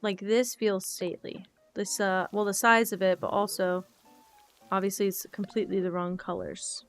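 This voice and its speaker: A woman's voice: medium pitch, level tone, moderate pace, soft background music. Chatty, emotional woman streamer. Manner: emotional, chatty, talks to viewers by name. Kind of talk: casual chat while playing a game.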